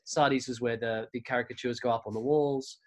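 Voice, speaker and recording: Australian male guest, casual rambling storyteller, everyday mid-pitch voice. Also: steady tone, brisk. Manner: rambling, many restarts and fillers. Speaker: podcast guest.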